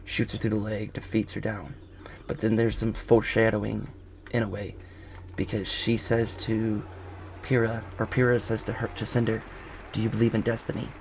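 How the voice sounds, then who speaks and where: Picture a man talking a show recap outdoors with faint ambience behind him. His voice sits low and gravelly, and he rambles, backtracks and corrects names mid-sentence. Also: level tone, moderate pace, a little hiss or hum. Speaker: video reviewer. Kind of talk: casual spoken review. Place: outdoors on a golf course.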